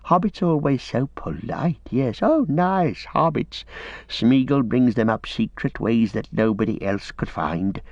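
A man's voice: mid-range voice, lively intonation, unhurried, darkish tone, no echo, voice pushed up. A man voicing a wretched, starved, sly creature that hisses and wheedles, in a dull lo-fi recording. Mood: hissing bitter. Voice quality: hissing, wheedling.

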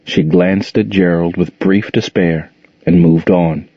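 A man reading a novel aloud as an audiobook narrator, in a steady, measured way. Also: low-pitched, husky, dry recording, highs cut off. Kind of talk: scripted narration.

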